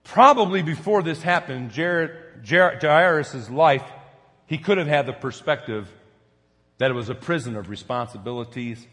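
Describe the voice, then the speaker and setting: Middle-aged preacher in a reverberant hall. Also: male voice, a little high, expressive, moderate pace. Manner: storytelling preacher, swings from soft to loud emphasis. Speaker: pastor. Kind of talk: sermon.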